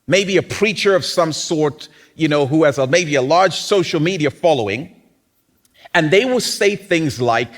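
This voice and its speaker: A man's voice: on the high side, lively intonation, a little slow. A man preaching a sermon as pastor, talking conversationally and acting out other people's voices. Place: church.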